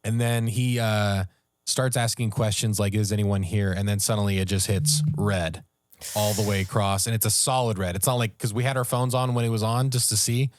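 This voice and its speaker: A man, a podcast co-host, telling a story in casual, animated talk and raising his voice at the tense moments. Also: fairly low pitch, normal speed, no echo. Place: podcast studio.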